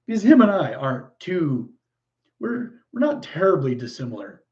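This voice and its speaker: Male streamer, mellow voice, easygoing viewer chat, quick to exclaim, dull lo-fi sound. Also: on the high side, sing-song. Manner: chatty and easily delighted, frequent exclamations and laughs. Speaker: livestream host. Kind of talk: casual live chat reading viewer comments. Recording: muffled lo-fi stream audio.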